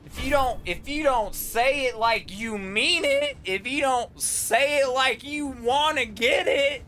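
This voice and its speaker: A live streamer ranting casually to chat in a profane, rambling way, acting out quotes with sudden shouts. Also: high-pitched, takes it slowly. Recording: loud game music under voice.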